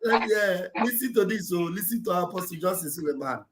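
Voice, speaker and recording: A man with a Nigerian accent hosting a livestream, in casual, halting chat. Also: sits high, lively intonation, slight background noise, low-quality recording. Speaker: livestream host.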